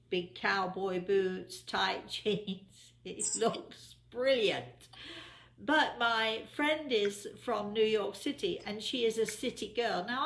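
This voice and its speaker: A woman's voice: mid-range voice, a bit bright, reverberant. A woman telling a personal story in a casual, rambling way, with many fillers and restarts.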